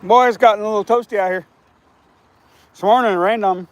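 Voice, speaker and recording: Speaking fast in a high, hoarse, scratchy voice with fairly even intonation, a man rambles and repeats himself. He's casually chatting while hosting a fishing livestream from a riverbank outdoors.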